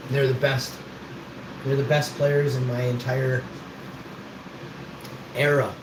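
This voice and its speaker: Swearing freely, this man hosts a livestream full of rambling, boastful stories. He speaks slowly at a medium pitch with a level tone, recorded in an echoey room with background noise.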